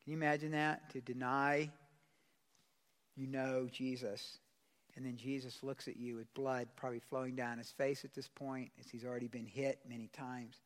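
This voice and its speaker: A man's voice: mid-range voice, flat delivery, normal speed. A man pastor preaching a sermon in a church service. He talks casually, uses slang and puts questions to the congregation. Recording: long hall reverb.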